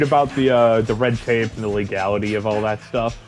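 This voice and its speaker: A man's voice: on the low side, steady tone, fairly quick, few pauses, faint music behind. A man co-hosting a casual gaming chat, laid-back, swearing and chuckling through his stories. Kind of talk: casual chat over gameplay.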